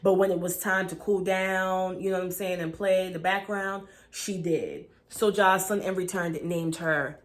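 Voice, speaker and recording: Chatty gossiping woman, low voice. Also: steady tone, moderate pace, few pauses. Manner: chatty, gossipy, profane, lots of "you know". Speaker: TV show reviewer. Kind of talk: casual recap vlog. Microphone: camera mic.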